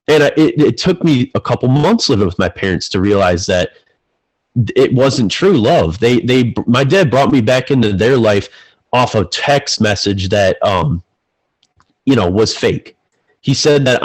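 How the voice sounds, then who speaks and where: A man's voice: mid-range voice, expressive, a little slow, husky, rough recording. A young man telling a candid, emotional personal story as a podcast guest, often repeating words as he gets worked up.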